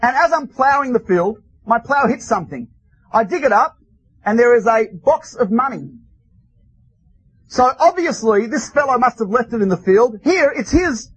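A man's voice: very high voice, animated, moderate pace, husky, exaggerated voice, rough recording. Man doing an earnest, honest farmer.

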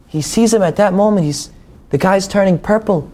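A man's voice: sits high, normal speed, darkish tone. A man preaching a sermon, telling a story with animation and acting out the people in it.

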